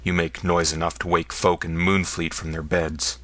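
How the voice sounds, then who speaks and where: A man reading the part of a grim, stern smuggler leader who gives sharp, scolding commands. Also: low-pitched, flat delivery, normal speed, no echo. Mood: angry.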